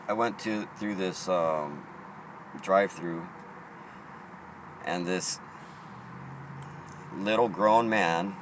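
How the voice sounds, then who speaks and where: A man with a fairly low voice tells a story in a rambling, swearing-laced rant, stumbling and restarting as he goes. He is recording outdoors, and passing cars and a clear wash of street noise sit behind him. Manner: profane, rambling, many restarts.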